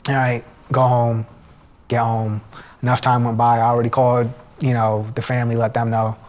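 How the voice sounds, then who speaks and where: A man's voice: mid-range voice, monotone, normal speed. A young man giving a personal testimony in church, telling his story conversationally with many restarts. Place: church sanctuary.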